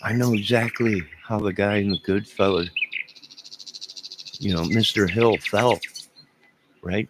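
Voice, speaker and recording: A man's voice: on the low side, fairly even intonation, unhurried, pauses often, noisy background. A middle-aged man hosting a live stream, rambling and joking as he answers his chat. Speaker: livestream host. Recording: loud birdsong behind voice. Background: loud birds chirping.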